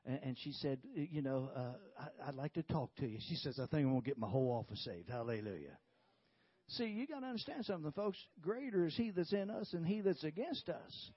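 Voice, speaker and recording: A man's voice: fairly high pitch, lively intonation, a little fast, few pauses, husky, dry recording, dull audio. A man preaching a sermon, telling a story with many repeated "he said"s and hallelujahs. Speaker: pastor.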